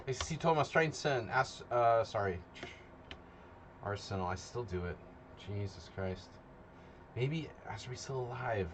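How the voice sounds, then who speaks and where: A man's voice: medium pitch, animated, a little slow, pauses often, a little hiss or hum. A man hosting a live chess simul stream, chatting casually and rambling to his chat. He is a bit tired after a nap. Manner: rambling, loose and chatty, talking to chat while setting up.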